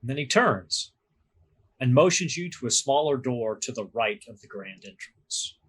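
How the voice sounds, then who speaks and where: Husky guy running a tabletop game, measured scene-setting narration, mid pitch. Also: animated, fairly bright tone. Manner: descriptive, measured storytelling. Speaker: game master.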